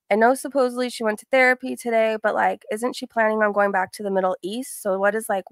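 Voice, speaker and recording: A woman's voice: mid-range voice, creaky, no room sound, studio quality. A young woman hosting a casual livestream, bubbly and giggly, greeting her chat by name. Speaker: livestream host.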